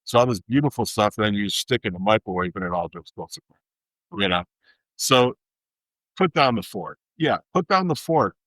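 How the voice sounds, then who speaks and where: A man's voice: lowish voice, moderate pace, long pauses, a bit bright, dry recording, low-quality recording. A man hosting a podcast, talking in an emphatic, worked-up rant. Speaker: podcast host. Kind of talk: casual chat.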